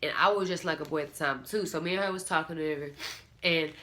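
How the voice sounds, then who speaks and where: A woman's voice: sits low, fast talker, a bit bright. A young woman candidly telling a personal story, rambling and quoting what people said. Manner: candid, rambling, lots of "like" and quoted dialogue.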